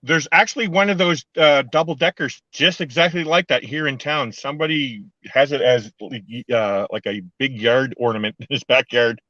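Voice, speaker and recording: An older man from Canada chats casually and keeps breaking into giggles. His voice is bright and forceful. The sound is dry and a little dull. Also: mid-range voice, normal speed, dry recording. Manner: giggly, laughs often. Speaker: co-host. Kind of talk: casual chat.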